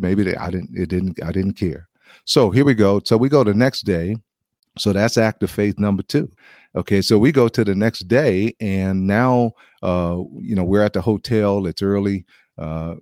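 A middle-aged American man, a former baseball player, telling a lively testimony story with restarts and chuckles. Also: fairly low pitch, dry recording, clean studio sound. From United States.

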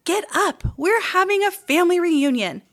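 Woman doing mother mouse, happy, carefree, high and eager, storybook. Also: animated, very slow, exaggerated voice. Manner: bright, eager calling.

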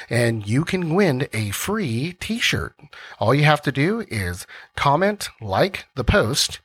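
A man's voice: medium pitch, breathy edge. A man hosting a podcast, reading the intro and then joking around in casual chat. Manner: playful, lively, jokey. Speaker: podcast host.

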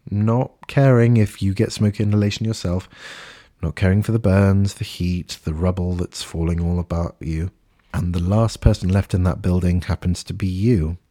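A man's voice: on the low side, mellow, slightly rough. A man hosting a podcast, talking in a candid, earnest and reflective way, swearing now and then. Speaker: podcast host. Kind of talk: reflective casual podcast talk.

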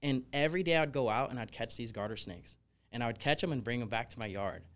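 Medium-pitched and fast, a young man appears on a podcast to share his life story as a snake wrangler. He keeps it casual and upbeat, drifting from point to point with frequent "you know"s and "like"s.

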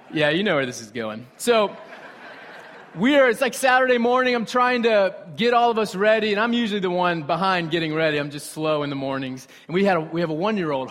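A young man preaching a sermon with animated storytelling and conversational asides to the congregation. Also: on the high side. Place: church sanctuary. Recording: reverberant hall.

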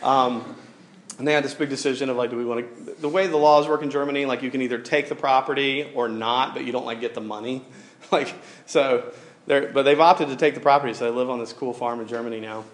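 A man in his thirties delivering a sermon that drifts into personal storytelling. He talks casually, with plenty of fillers and restarts, at an ordinary middle pitch. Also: fairly even intonation, fast. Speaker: pastor.

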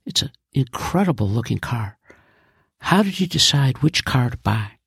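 An eager, excited young boy, lifting his pitch a bit, with a husky, dry voice, as a man reads him. He sounds thrilled and keen. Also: moderate pace, no room sound, exaggerated voice.

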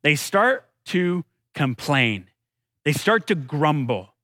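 A pastor preaches conversationally, asking his congregation questions and telling the story with dramatic drops in his voice. His voice is a little high, sing-song, and a bit bright, and he takes it slowly; there is no room sound.

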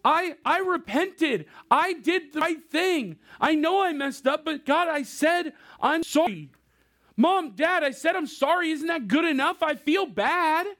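Man doing an indignant pleading guy, high and strained, in a sermon skit. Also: lively intonation, measured pace, a bit bright, full character voice. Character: imagined grown man pleading to God, aggrieved.

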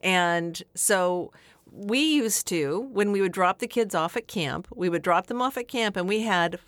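A middle-aged woman from Washington State, a podcast co-host telling a story in casual chat, animated and quick to laugh. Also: mid-range voice, no room sound.

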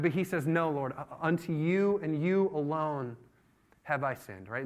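A man preaching a sermon, retelling a story with acted-out voices and sudden loud outbursts. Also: a little high. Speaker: pastor.

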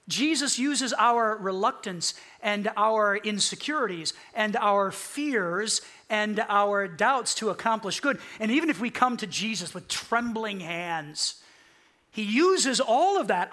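Male pastor, animated sermon delivery, high bright voice, playful sarcasm in quotes.

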